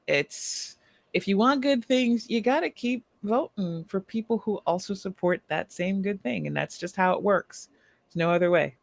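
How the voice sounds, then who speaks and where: A woman's voice: mid-range voice, normal speed, gravelly, no room sound. A woman co-hosting a casual news discussion podcast, explaining points at length and laughing between them. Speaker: podcast co-host.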